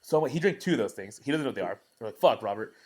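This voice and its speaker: A man's voice: mid-range voice, very fast, husky. A young man co-hosting a podcast, telling rowdy stories in casual, profane chat and acting out his friends' lines. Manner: animated, profane, acts out friends' lines in louder voices. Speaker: podcast co-host.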